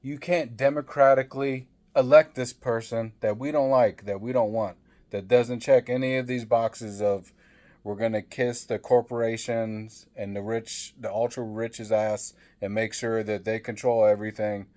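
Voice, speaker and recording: A man's voice: medium pitch, fairly even intonation, moderate pace, a little mellow. A man in the middle of an angry political rant to his viewers, swearing heavily. He stumbles over his words, repeating and restarting as the anger runs ahead of him. His voice sits in an ordinary middle register. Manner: profane, heated, repetitive stammering restarts. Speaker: political commentator.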